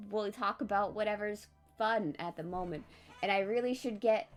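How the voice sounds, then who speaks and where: A tired woman streaming live, chatting casually in a rambling, low-key monotone. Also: moderate pace, faint music behind.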